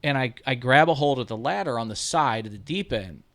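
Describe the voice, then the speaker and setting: A man's voice: mid-range voice, a little fast. A man in his thirties hosting a podcast, telling a story in casual chat, cursing often and laughing as he goes. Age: 30s. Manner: profane, laughing, animated storytelling. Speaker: podcast host.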